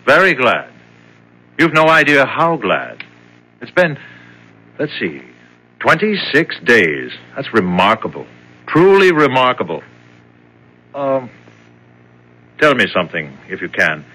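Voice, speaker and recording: An actor playing a measured, probing prison official in a 1970s radio drama. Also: male voice, mid-range voice, huge pitch swings, sharp tone, exaggerated voice, low-quality recording.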